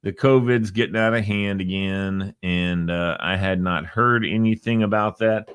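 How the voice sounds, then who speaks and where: A man's voice: fairly low pitch, a little slow, fairly bright tone, smooth, no room sound, studio quality. A man hosting a casual talk show, rambling and joking and chuckling at his own asides. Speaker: host. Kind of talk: casual chat show monologue.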